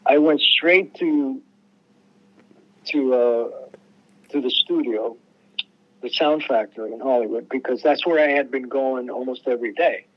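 A man's voice: medium pitch, a little slow, long pauses, muffled recording. A man, a musician guest in an interview, telling stories in a loose, rambling way with many restarts. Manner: rambling, restarts a lot, acts out quoted voices. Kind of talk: casual storytelling interview.

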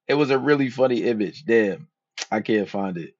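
A medium-pitched man hosts a podcast, casually rambling about dating in slangy, profane language as he dishes out advice. The recording is dull, lo-fi and dry, with no echo.

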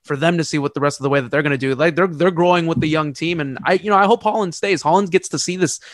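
A man hosting a casual sports podcast, excitable and repeating himself as he talks. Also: a little high, fast talker, no room sound. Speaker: podcast host.

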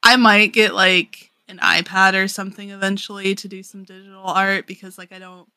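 Young guy with a really bright sharp voice, laughs a lot, says like constantly, dry mic. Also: high voice, moderate pace, clean tone, no room sound. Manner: relaxed, laughs often, fillers like "like". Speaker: podcast co-host. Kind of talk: casual chat.

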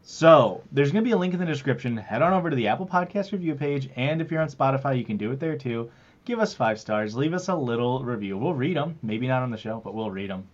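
A man with a mid-range voice talks in a loose, rambling, joking way as he co-hosts a podcast. His audio is dull and lo-fi, because the wrong mic was picked. His pitch sits in the middle. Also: lively intonation, fast talker. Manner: rambling, jokey, plugs the show. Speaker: podcast host. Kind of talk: casual podcast chat. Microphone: wrong mic picked by the recording software.

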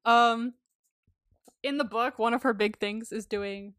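A woman's voice: on the high side, fairly even intonation, measured pace, a bit bright, smooth, dry recording, studio quality. A woman co-hosting a podcast, chatting casually and animatedly, swearing freely, laughing often and acting out quotes. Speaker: podcast co-host. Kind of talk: casual recap chat.

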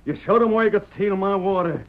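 An actor playing a hot-tempered cattle rancher in a radio drama, speaking in a rough frontier drawl. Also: male voice, high-pitched, fast talker, lightly acted. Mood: blustering. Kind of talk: 1930s radio drama acting. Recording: tinny, hissy old radio recording.

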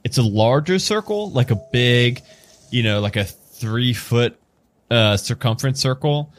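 A man narrating as game master in a tabletop game, describing scenes haltingly with fillers and reading a riddle out slowly and solemnly. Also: medium pitch, animated. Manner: reads the riddle in a raised, slow, solemn voice.

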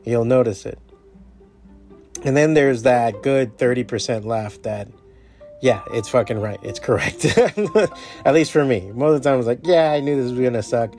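A man's voice: medium pitch, a little mellow. A man hosting his own podcast, talking in a casual, rambling, profanity-heavy motivational monologue. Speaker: podcast host.

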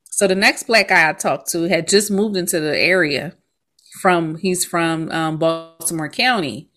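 A woman's voice: lowish voice, a little slow, bright, forceful tone. A woman in her thirties, a podcast co-host, telling a story in casual chat and laughing often.

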